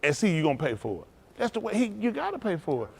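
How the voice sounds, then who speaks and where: Animated preaching man with a lively voice. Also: high voice, quick pace, gravelly, slightly rough. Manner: rousing call-and-response preaching, Southern Black church cadence; animated, swings between loud and hushed. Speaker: pastor. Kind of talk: sermon.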